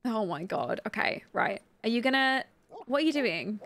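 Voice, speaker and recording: A young woman from Britain with a British accent, chatting through a game stream. Her voice is high and bright, and it bounces lively up and down as she giggles and answers her chat. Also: normal speed, a little hiss or hum. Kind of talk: casual gameplay commentary.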